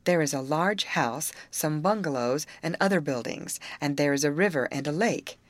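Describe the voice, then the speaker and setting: Polite earnest teen girl, lady reading, low voice, very dry. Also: moderate pace, no room sound, natural voice. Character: kind, earnest teenage girl, Amy.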